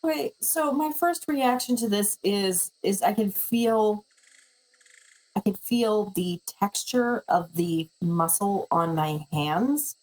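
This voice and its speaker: Woman, game player, hesitant, halting, slow-paced. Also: mid-range voice, expressive, darkish tone, rough recording. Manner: hesitant, halting, restarts often. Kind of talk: playing a tabletop game.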